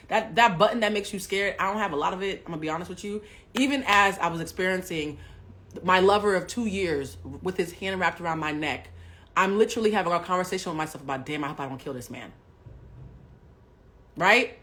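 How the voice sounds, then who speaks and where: A woman's voice: fairly low pitch, quick pace. Profane woman telling a story on a live stream. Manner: profane, swings between hushed asides and loud outbursts; talks directly to live chat.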